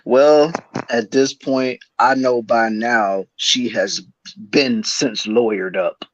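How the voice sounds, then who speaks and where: A man's voice: medium pitch, fairly even intonation, slow pace, no echo, lo-fi sound. A man co-hosting a podcast, giving laid-back, slangy commentary. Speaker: podcast co-host. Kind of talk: casual chat.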